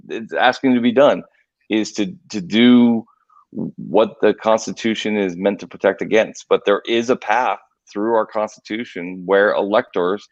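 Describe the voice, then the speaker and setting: A man on a podcast, explaining politics in a measured, hedging way, with restarts. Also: on the low side, no room sound. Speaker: guest. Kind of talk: podcast discussion. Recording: dull lo-fi remote audio.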